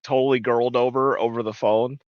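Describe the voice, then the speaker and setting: A man's voice: medium pitch, a little fast, no echo, muffled recording. A middle-aged man co-hosting a podcast, telling stories in casual chat, swearing often and acting out the voices of people in his stories. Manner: animated storyteller, swears a lot, acts out voices. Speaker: podcast co-host.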